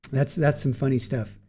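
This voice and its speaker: With a warm, medium-pitched voice carrying a breathy edge, a middle-aged man chats casually with viewers on his livestream. The long day has left him tired, giggly, punch-drunk and prone to repeating himself.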